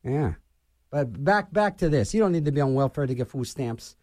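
A man's voice: medium pitch, animated, moderate pace, darkish tone, no room sound, studio quality. A middle-aged man hosting a radio show and delivering an opinionated political rant, scornful and repeating his phrases for emphasis.

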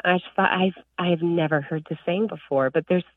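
A young woman from northern Illinois calls in to a radio show and tells her story in a chatty, animated way. She comes through a tinny phone line and sounds set back from the mic. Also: fairly low pitch, a little fast, no room sound, distant mic. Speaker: caller. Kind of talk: phone-in call.

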